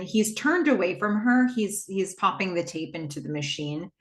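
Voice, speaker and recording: Lively woman recapping a TV episode. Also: on the low side, moderate pace. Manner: animated, acts out the characters' lines. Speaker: podcast host. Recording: roomy echo.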